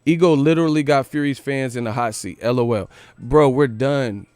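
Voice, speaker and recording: A man ranting on a live commentary stream in loose, profane street slang, circling back over his own words. His voice sits at a middling pitch. It is recorded dry and close. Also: moderate pace, a little mellow, clean tone, dry recording. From United States. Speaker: boxing commentary host.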